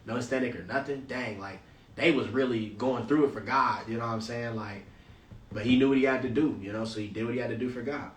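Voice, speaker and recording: A man's voice: mid-range voice, steady tone, fast talker. A man hosting a Bible study, reading scripture aloud and breaking off into loose, slangy commentary. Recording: roomy, distant from the mic.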